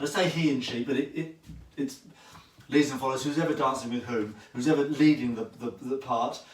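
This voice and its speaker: A man's voice: a little high, distant mic. Man teaching a dance while counting. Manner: counts steps aloud while demonstrating, chatty and encouraging. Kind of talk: livestreamed dance lesson. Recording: echoey room, voice from afar.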